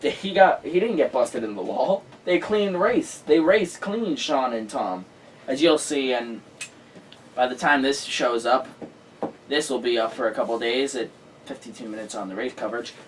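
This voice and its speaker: An excitable man tells a story in casual chat, scattering filler words as he goes. He sits some way back from the microphone, with faint noise underneath. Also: medium pitch, moderate pace, recorded from a distance, rough recording. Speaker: host.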